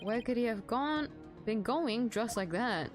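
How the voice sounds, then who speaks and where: A woman's voice: fairly high pitch, expressive, unhurried, over music. A woman reading the lines of an earnest, slightly nervous young male lawyer in a game.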